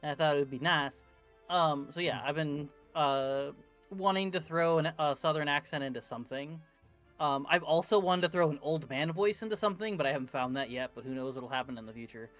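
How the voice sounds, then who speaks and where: Man, casual post-game chat on a voice call, bright slightly high voice, rambly, faint music bed. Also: brisk. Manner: rambling, self-correcting, many fillers. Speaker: tabletop game player. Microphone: computer mic on voice call.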